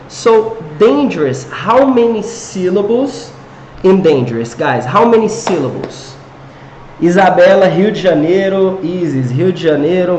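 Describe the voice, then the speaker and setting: A man's voice: a little high, darkish tone. A young man with a Brazilian Portuguese accent, a Portuguese native speaker, teaching an online English lesson and asking viewers questions. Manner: engaging, asks viewers questions and reads comments aloud. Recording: echoey room with faint noise.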